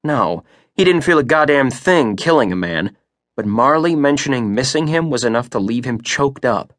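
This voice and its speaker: A man's voice: medium pitch, dry recording. Man narrating a thriller, dry and close. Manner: steady, measured, rising for action beats. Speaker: audiobook narrator. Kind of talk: scripted narration.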